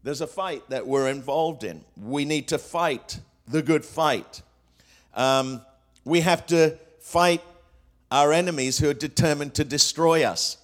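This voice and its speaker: A man's voice: on the high side, a little slow. A man preaching a sermon to a congregation, asking rhetorical questions and weaving in quotes, with frequent fillers and restarts. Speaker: pastor.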